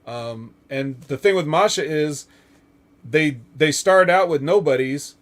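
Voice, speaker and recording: A man's voice: fairly high pitch, unhurried, a bit bright. A man hosting a casual wrestling talk podcast, rambling with lots of fillers and frequent chuckles. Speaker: podcast host.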